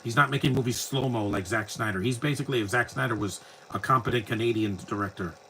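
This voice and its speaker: A man's voice: mid-range voice, fast talker, sharp tone, slight background noise, low-quality recording. A man giving casual, opinionated live commentary while watching a movie, rambling and blunt.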